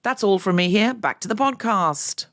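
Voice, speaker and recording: A woman podcast host reads the show notices in a bright, chatty way. The delivery is scripted but friendly, with a middling voice pitch. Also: animated, normal speed. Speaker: podcast host reading announcements. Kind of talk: scripted promo read.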